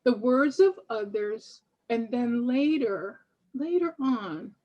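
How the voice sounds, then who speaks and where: A woman's voice: on the high side, expressive, takes it slowly, dull audio. An older woman, a poet, reading reflectively and devoutly from her book to an audience. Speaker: poet and author.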